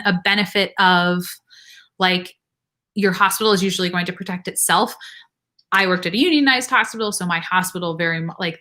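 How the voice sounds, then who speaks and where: A woman's voice: on the low side, sharp tone. A young woman who is a nurse practitioner, hosting a casual live Q&A, chatty, laughing often and saying "like" a lot.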